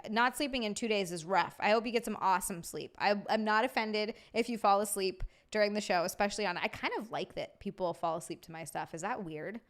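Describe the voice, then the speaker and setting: A young adult woman hosting a casual chat show, chatty and quick to laugh as she reads out viewer messages. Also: mid-range voice. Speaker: host.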